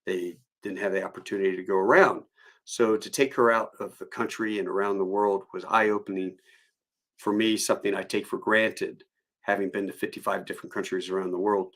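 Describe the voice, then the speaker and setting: A man's voice: fairly low pitch, fairly even intonation, brisk, a bit bright. A man hosting a solo live stream, telling rambling travel anecdotes with frequent chuckles. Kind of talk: storytelling.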